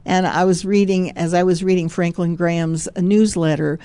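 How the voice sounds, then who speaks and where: A woman with a lowish, warm voice leads a devotional teaching, reading a story and stopping often to add her own comments. She repeats key phrases for emphasis and drops in "praise God" between passages. The sound is dry and close, with no room around it. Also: fairly even intonation, normal speed, clear, resonant tone, no room sound. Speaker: Christian devotional speaker.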